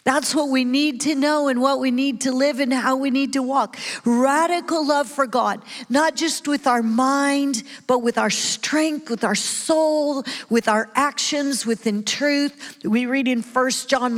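A woman preaching a sermon in an animated way, calling out questions to her listeners. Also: fairly high pitch. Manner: animated, calls out to the audience. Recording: long hall reverb.

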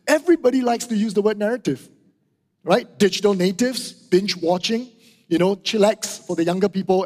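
Middle-aged man, high-voiced emphatic preacher, long hall echo. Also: darkish tone. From Singapore. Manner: emphatic, repeats key phrases, asks "right?" and "okay?". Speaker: pastor. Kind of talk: sermon. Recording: hall reverb.

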